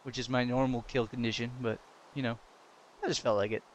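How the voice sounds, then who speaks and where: A young man giving casual gameplay commentary, excitable, laughing and yelping when danger comes, chatting to the game's creatures. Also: medium pitch, brisk. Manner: excitable, yelps and laughs at danger, talks to game mobs. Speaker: gaming commentator.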